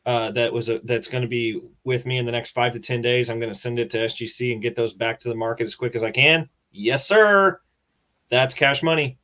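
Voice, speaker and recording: A man co-hosting a casual podcast who gives blunt, confident opinions in a relaxed way. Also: medium pitch. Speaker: co-host.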